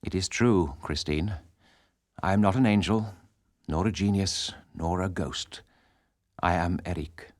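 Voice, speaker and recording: A man voicing a brooding, intense masked man in an audiobook, speaking low, solemn and slow.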